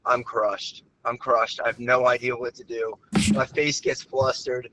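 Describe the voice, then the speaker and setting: A man calls in to a podcast with a recorded voice message. His voice sits at a mid pitch, and he tells his story in an animated way. He turns loud and high when he quotes himself. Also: moderate pace, rough recording. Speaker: caller.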